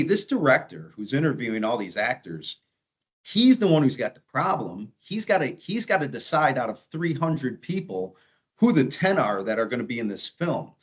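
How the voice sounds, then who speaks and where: A man's voice: medium pitch, a bit bright. A man in his forties telling sales stories in a conversational way, often restarting and adding asides. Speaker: sales trainer. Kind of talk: storytelling sales talk.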